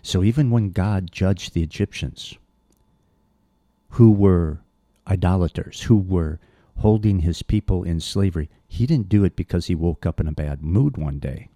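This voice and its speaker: A man delivers a sermon verse by verse, reading scripture and then pressing his points bluntly and earnestly. His voice sits low, with a dark, relaxed tone. The sound is close and dry. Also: moderate pace, no room sound. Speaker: preacher.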